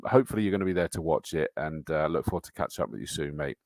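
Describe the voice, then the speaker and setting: A middle-aged host with a gravelly, darkish bass voice talks very fast and animatedly, with no echo. Chatty and matey, he runs a motor racing live stream, reading out viewer comments and entry lists.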